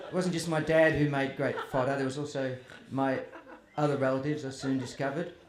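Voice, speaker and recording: A chatty man speaking at a festival tells funny family stories to a live audience, quoting his father and teasing himself. His mid-range voice stays level at a fairly quick pace, with a crowd audible in the roomy, faintly ambient hall or tent.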